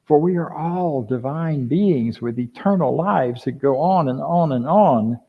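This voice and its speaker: An older man preaching a conversational sermon as a minister, lively and full of rhetorical questions to his congregation. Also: on the high side, unhurried, husky. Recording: dull lo-fi sound.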